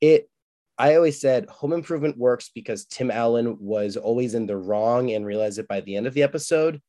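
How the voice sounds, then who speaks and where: A man co-hosting a podcast, speaking at a mid pitch in a wry, teasing way. He drops in casual swearing while he jokes around. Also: fairly quick, warm tone. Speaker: podcast co-host. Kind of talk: casual chat.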